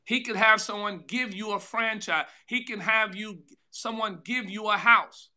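A man pastor giving a devotional sermon, calling out to listeners by name, with a drawn-out delivery and sudden loud bursts. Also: high voice. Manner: preaching with call-outs to listeners by name.

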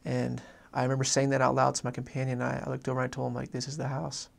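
In a gravelly, monotone voice of medium pitch, a young man who used to be a missionary recounts something from his own life. He stumbles along, saying words twice and padding the gaps with fillers.

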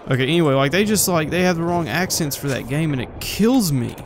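A man's voice: on the high side, expressive, brisk, noisy background. A man streaming a video game who rambles, swears freely and talks to himself. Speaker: gaming streamer. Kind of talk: let's play commentary. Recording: voice over loud game music.

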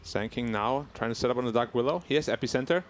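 A man giving color commentary and analysis on an esports match in a quick, conversational way. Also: medium pitch, a little hiss or hum.

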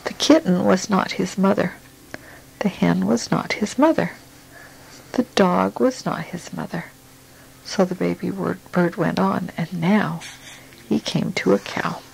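A woman reading a picture book aloud to a child, gently and slowly, stopping to ask questions. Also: on the low side, vocal fry, a little hiss or hum, poor audio.

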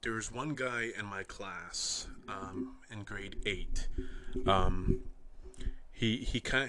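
A young man from Canada spins rambling stories in a deadpan, wry tone. His voice sits a bit low but comes across bright and punchy. A faint hiss of noise runs under the recording. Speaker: podcast host. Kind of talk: casual storytelling.

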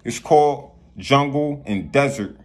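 Husky-voiced guy ranting about life and spirit, swears a lot, keeps repeating stuff. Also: medium pitch, unhurried. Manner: profane, preachy, repeats himself. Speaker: vlogger. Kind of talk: rambling spiritual rant.

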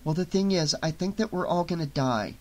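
A man putting on an anxious young woman in an audiobook, her voice pitched well above his own. She speaks earnestly and fretfully, grave and shaken. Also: animated, brisk, a little mellow, natural voice. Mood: worried.

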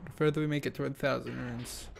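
A young man, a gaming YouTuber, nervously narrates his own horror game let's play, talking to himself and repeating the same questions over and over. His medium-pitched voice is fairly even in intonation, quick, with vocal fry and slight background noise.

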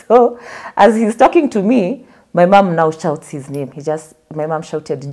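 A young Kenyan woman, interviewed as a guest, tells her life story and acts out the voices of people she quotes. Her voice is deep and mellow, animated yet unhurried.

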